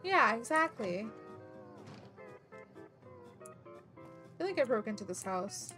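A woman streaming a video game, chatting excitably, laughing often and swearing casually. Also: on the high side, takes it slowly, faint music behind. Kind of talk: casual gameplay commentary.

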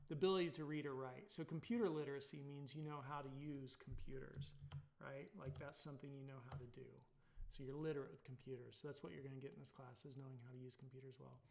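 Rambling Californian college instructor. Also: male voice, on the high side. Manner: casual, rambling, many fillers and tag questions. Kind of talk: recorded online lecture.

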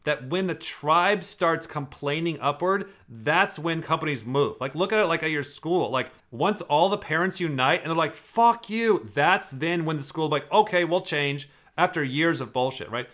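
A man's voice: a little high, moderate pace, few pauses, fairly bright tone. A man hosting a casual commentary, rambling and swearing freely as he talks. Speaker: host.

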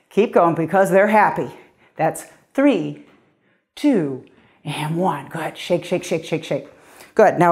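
A woman's voice: mid-range voice, a little mellow. Woman fitness coach, middle-aged, encouraging, upbeat, slightly out of breath. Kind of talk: guided workout instruction.

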